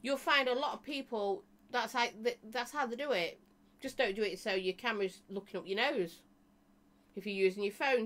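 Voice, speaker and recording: A woman's voice: a little high, a bit bright. A woman hosting a live stream, chatting casually with viewers in a rambling way full of "you know" and restarts. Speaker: live-stream host and vape reviewer.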